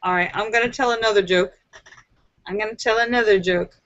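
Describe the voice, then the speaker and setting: A woman's voice: mid-range voice, a little fast, a bit bright, lo-fi sound. A woman hosting a casual live stream, reading out viewers' jokes and laughing at them. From United States. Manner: giggly, laughs at her own jokes.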